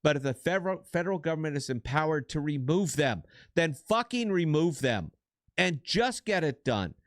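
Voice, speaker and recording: A man's voice: a little high, very animated, normal speed, dry recording, clean studio sound. A middle-aged man co-hosting a political podcast, giving blunt, profane and emphatic commentary. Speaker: podcast co-host.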